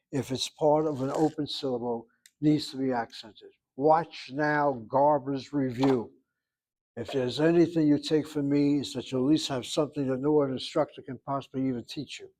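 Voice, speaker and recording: A man's voice: on the high side, warm tone, poor audio. A man with an American accent giving a Hebrew grammar lesson in a blunt, emphatic classroom lecture style. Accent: American English. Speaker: Hebrew instructor.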